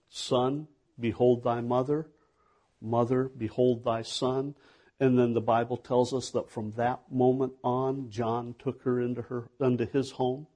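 A man's voice: mid-range voice, warm tone. A man preaching a sermon in a conversational way, asking the listeners questions. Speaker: pastor.

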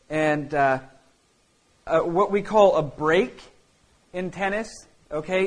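A pastor preaching in a loose, conversational way, full of fillers and restarts. His voice sits a little high for a man. He explains as he goes, speaking plainly from the pulpit. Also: low-quality recording. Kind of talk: sermon.

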